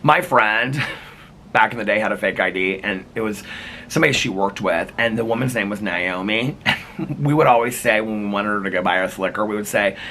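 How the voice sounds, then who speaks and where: A man's voice: on the low side, a little fast, pushed and bright, a little hiss or hum. A middle-aged man vlogging in casual chat, rambling from story to story, laughing often and quoting old movie lines. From United States.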